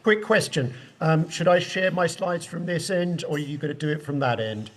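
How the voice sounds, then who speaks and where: English judge giving remote keynote. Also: male voice, on the high side. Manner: measured, explanatory, emphatic summaries. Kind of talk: conference keynote over video link. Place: his room at the court, joining remotely. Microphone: video call.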